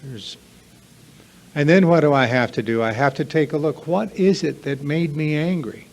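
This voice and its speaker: Creaky and somewhat high-pitched, a man speaks at normal speed to a live audience in a meeting room. His confessional recovery workshop talk is earnest and emphatic, built on repeated lists.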